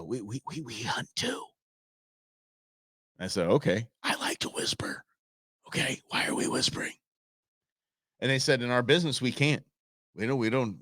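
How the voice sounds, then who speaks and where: A man's voice: lowish voice, dry recording, studio quality. A middle-aged man hosting a show, telling stories in a rambling, casual way with many restarts. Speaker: show host. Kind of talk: casual podcast monologue.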